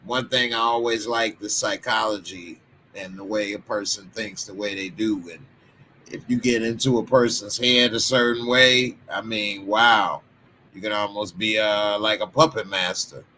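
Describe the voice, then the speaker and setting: A man's voice: fairly low pitch, steady tone, moderate pace, a little hiss or hum. Slangy, chatty Texan man. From Texas. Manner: loose, slangy, chatty asides with sudden loud bursts. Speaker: commentary channel host. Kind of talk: casual commentary reading viewer comments.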